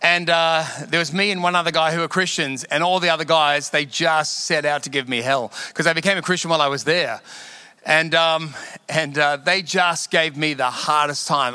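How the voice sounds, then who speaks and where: A middle-aged pastor from Australia delivers a sermon full of personal stories. His voice is bright and sits a touch high for a man. He tells the stories with animated emphasis and laughs often along the way. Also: normal speed, clear, resonant tone, dry recording.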